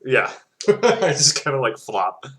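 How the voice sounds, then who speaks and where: A man's voice: mid-range voice, sing-song, takes it slowly, a bit bright. A man playing a tabletop game, joking and laughing as he describes his actions. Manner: laughing, playful. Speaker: player. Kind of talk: casual tabletop play.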